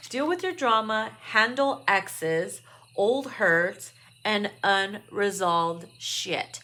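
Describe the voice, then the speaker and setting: A woman's voice: mid-range voice, expressive, drawn-out words, bright, forceful tone. A woman doing a casual tarot card reading, blunt and profane, laughing often. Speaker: tarot reader.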